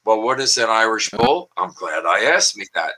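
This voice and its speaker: A man's voice: fairly low pitch, lively intonation, normal speed, pushed and bright, slightly rough, low-quality recording. An older man in casual chat over a video call, telling puns and jokes with lots of filler words. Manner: chatty, with frequent filler words and pun-laden asides. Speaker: language columnist and guest. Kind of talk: casual online wordplay talk.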